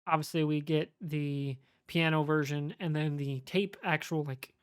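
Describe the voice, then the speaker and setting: A podcast co-host giving a measured, analytical take in casual chat, with many fillers. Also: medium pitch, steady tone, clear, resonant tone, no room sound, clean studio sound.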